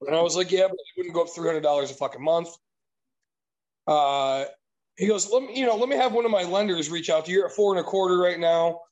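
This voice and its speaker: A man's voice: high-pitched, fast, a little mellow, highs cut off. A man telling an exasperated, profanity-laced story in casual chat.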